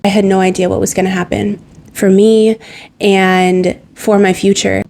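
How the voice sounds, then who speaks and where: A woman's voice: mid-range voice, flat delivery, moderate pace, gravelly, a little mellow. A young adult woman narrating her own story in a candid, conversational way, often using "like" as a filler.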